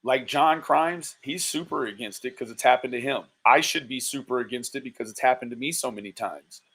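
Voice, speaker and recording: A man doing live-stream commentary, exasperated and swearing, with slow, disbelieving exclamations. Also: medium pitch, a bit bright, breathy edge.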